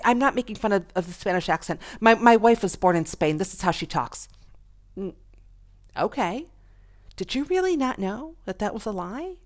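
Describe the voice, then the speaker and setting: A middle-aged woman hosting her own podcast, talking casually and chattily with frequent laughs. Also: mid-range voice. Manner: chatty, gossipy, laughs often, animated. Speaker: podcast host. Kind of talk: casual solo podcast monologue.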